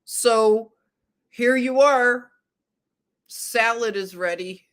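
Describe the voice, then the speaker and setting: Slow-talking sarcastic woman livestreamer. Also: on the high side, fairly bright tone. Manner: sarcastic, reads headlines aloud and laughs at them. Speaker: livestream host. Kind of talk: casual livestream commentary.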